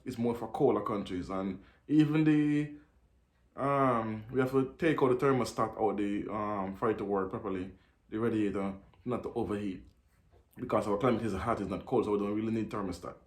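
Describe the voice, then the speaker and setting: A man talking fast and restarting often, commenting on a video for his channel. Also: on the low side. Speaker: video host. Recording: echoey room.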